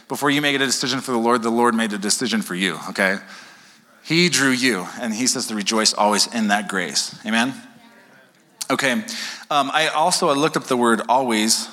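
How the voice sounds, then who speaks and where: A male pastor preaching a sermon to his congregation in a conversational way, often checking in with "okay?" and joking with the crowd. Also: medium pitch. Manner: conversational, keeps asking "okay?"; animated, jokes with congregation. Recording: long hall reverb.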